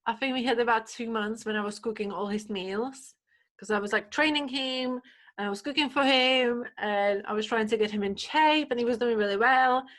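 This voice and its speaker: A woman guest on a podcast, chatting casually and telling animated stories full of fillers and acted-out quotes. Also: fairly high pitch, normal speed. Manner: animated storyteller, many fillers, acts out quotes. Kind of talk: casual chat.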